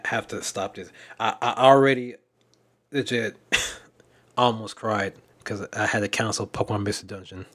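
A young man with a somewhat low-pitched voice, opening up in a candid vlog. He sounds worn out and emotional, stumbling over his words, repeating himself and sighing between thoughts. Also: a bit bright, husky. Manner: halting, repeats words, frequent sighs and restarts. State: emotional and weary. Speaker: fan dub director and content creator. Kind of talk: candid personal vlog monologue.

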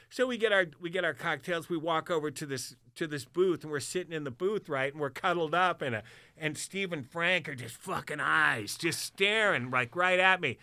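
Animated, profane storyteller man. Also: on the high side, no echo. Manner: profane, animated, laughs through his story. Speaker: guest storyteller. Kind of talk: casual chat, telling an anecdote.

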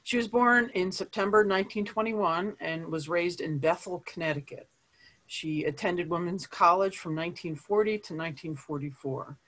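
A woman who works as an archive curator, reading historical letters aloud in a calm, measured way. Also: on the low side.

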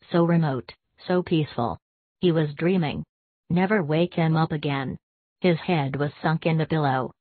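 Audiobook narrator, woman, measured and hushed; low voice, dry phone-line sound. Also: no echo. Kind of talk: scripted narration.

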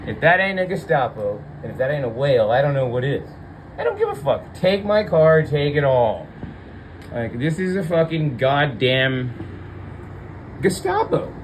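A man's voice: on the high side, slight background noise, rough recording. A man ranting angrily and swearing while filming outdoors at his home on a handheld phone, his voice leaping up in outrage and disbelief. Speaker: vlogger filming his vehicles being towed. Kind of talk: angry filmed rant.

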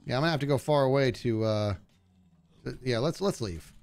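A man's voice: mid-range voice, a little fast, gravelly, smooth. A man live-streaming a video game, chatting casually and joking at the enemies on screen as he plays. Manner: animated, jokey, talks to game enemies. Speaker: gaming streamer.

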